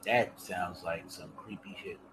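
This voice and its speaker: A man's voice: low-pitched, steady tone, measured pace, a bit bright, slight background noise, low-quality recording. A man co-hosting a casual chat, skeptical, often mumbling and trailing off. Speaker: podcast co-host.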